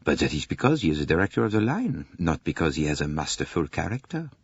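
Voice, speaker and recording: A man voicing a polite, fussy Belgian detective who speaks English, measured and gently probing, in a dull dry recording. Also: very deep voice, sing-song, husky, dry recording, full character voice. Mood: courteous.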